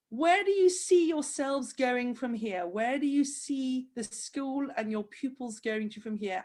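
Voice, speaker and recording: A woman's voice: on the high side, darkish tone. A woman hosting a video-call interview, tearful and gushing with praise for her guest. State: crying. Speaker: host of handwriting program.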